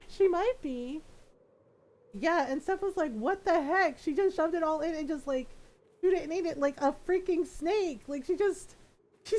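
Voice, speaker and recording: A woman's voice: high voice, darkish tone, rough recording. A middle-aged woman casually telling a story to her stream chat, rambling with fillers, laughing often and asking "right?".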